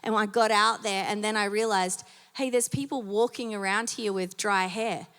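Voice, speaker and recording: Preaching in a church auditorium with big-room sound, a woman pastor talks conversationally, full of fillers and questions aimed at the congregation. Her medium-pitched voice is steady, fairly bright, clear, and resonant, at a normal speed, yet a little strained.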